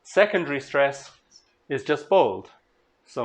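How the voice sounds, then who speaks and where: Male lecturer from Scotland, fairly high voice, unhurried classroom delivery. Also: animated. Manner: unhurried, explains step by step, recites lines slowly. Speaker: lecturer leading a master class. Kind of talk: classroom lecture with recited verse.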